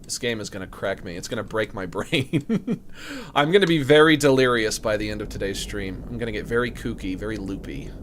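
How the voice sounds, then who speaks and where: A man live-streaming a game, talking casually and joking, breaking into high shouts of disbelief. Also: a little fast, slight background noise. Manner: animated, jokey, bursts into high shouts of disbelief. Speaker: streamer playing a horror game.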